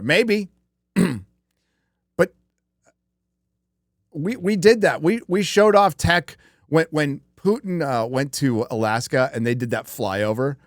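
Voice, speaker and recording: A man's voice: fairly high pitch, measured pace, long pauses, no echo, studio quality. A man hosting a livestream show, talking casually in a rambling, profane way with many fillers. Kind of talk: casual chat.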